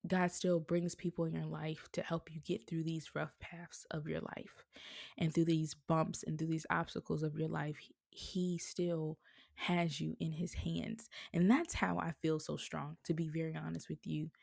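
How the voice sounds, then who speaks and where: A woman with a low, warm voice gives an earnest, faith-filled podcast monologue, encouraging listeners while close to tears. Her voice has a gravelly fry, and the recording sounds dry and close. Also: level tone, unhurried, no room sound. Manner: earnest and encouraging, speaks of prayer with feeling. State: emotional, near tears. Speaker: podcast host.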